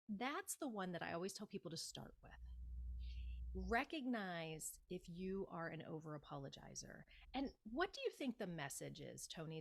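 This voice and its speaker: A woman's voice: deep voice, vocal fry. Emphatic woman coaching on confidence. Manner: emphatic, animated coaching with acted-out quotes. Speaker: public speaking coach, guest. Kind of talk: interview advice.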